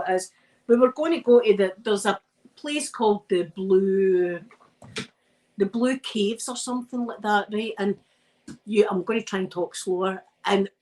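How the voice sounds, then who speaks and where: On a live stream, a Scottish woman irons while chatting casually, laughing often as she tells rambling stories. Her voice is mid-range and a little mellow, and the audio quality is poor.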